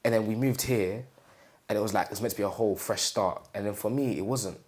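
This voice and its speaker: Young man, deep voice, halting and repetitive, relaxed personal storytelling for an interview. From England. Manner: halting, repeats phrases, acts out quoted family speech.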